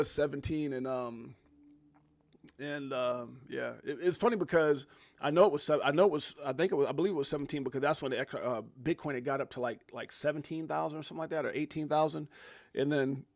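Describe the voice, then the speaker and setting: A man hosting a casual crypto livestream, animated, reacting with loud exclamations and laughter. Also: medium pitch, no room sound.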